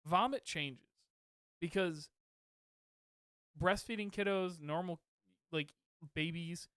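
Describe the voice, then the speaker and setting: Chatty podcast dad, kinda high clear voice, dry room. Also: male voice, slow pace, sharp tone, no room sound. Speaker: podcast co-host, father. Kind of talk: casual chat.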